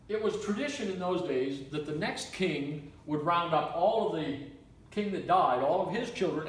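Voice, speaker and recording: A man from Canada, a preacher telling a story in a sermon with animated, repetitive delivery. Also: on the high side. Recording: echoey room, mic from far off.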